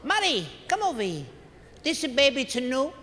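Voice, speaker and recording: A man's voice: very high-pitched, big pitch swings, bright, forceful tone, voice pushed up, exaggerated voice. A man doing a nosy old immigrant aunt. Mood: nosy, blunt. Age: 80s. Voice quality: broken English, slow drawl. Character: blunt eighty-something immigrant aunt, nosy. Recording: echoey hall, faint ambience.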